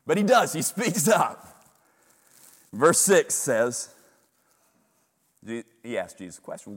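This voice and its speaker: A male pastor preaching a sermon with animated storytelling, repeating words in quick bursts. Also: a little high, breathy edge, big-room sound.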